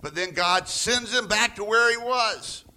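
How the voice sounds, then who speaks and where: A man preaching a sermon, retelling scripture with dramatic swings from loud passages to near-whispers and acting out quoted voices. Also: measured pace. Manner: acts out quoted voices with raised pitch. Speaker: pastor.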